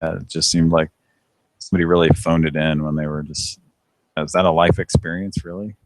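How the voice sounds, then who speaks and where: A man's voice: a bass voice, flat delivery, normal speed, no room sound. A man hosting a live prank call show, chatting casually, rambling and laughing often.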